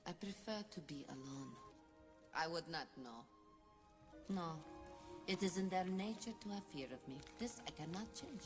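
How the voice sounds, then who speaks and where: A solitary, gentle monster speaks softly in stiff, formal sentences, as voiced by an actor. The tone is sad and quiet. Film music plays clearly behind it. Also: mid-range voice, animated, normal speed, long pauses, natural voice. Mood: solemn. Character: lonely, gentle monster that keeps to itself.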